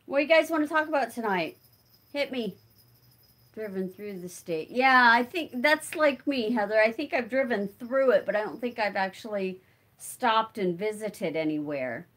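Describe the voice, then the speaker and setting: A woman's voice: a little high, lively intonation, normal speed, fairly bright tone. A middle-aged woman hosting a casual livestream, chatting with viewers and answering comments while she crafts, rambling and thinking aloud with lots of fillers. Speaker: livestream host.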